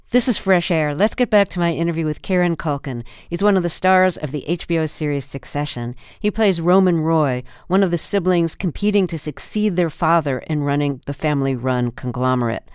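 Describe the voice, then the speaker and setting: Woman radio host, measured formal delivery, smooth, close and dry. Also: low voice, a little mellow, no echo. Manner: measured, formal questions and introductions. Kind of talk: scripted radio interview.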